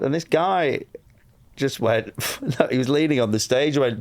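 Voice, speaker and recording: A comedian from England telling a long anecdote on a podcast, acting out quotes and laughing a lot. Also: male voice, mid-range voice, lively intonation, moderate pace, creaky. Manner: storytelling with acted-out quotes, laughing often. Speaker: comedian guest.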